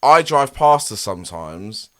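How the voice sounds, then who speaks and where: A man's voice: fairly low pitch, very animated, measured pace, very noisy. A man, telling rambling stories on a casual podcast, laughing and swearing as he goes. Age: 30s. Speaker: podcast co-host. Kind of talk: casual chat.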